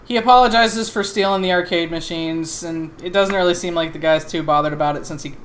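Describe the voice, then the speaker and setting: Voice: medium pitch, fairly quick, fairly bright tone, slight background noise. Rambling, hesitant game master. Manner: rambling, hesitant, lots of fillers. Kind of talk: narrating a tabletop game.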